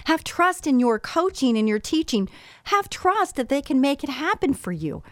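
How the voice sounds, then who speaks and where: A woman's voice: sits high, sing-song, moderate pace, no room sound, clean studio sound. A middle-aged woman giving an earnest, emotional motivational talk about trust and faith, speaking as a business owner and coach.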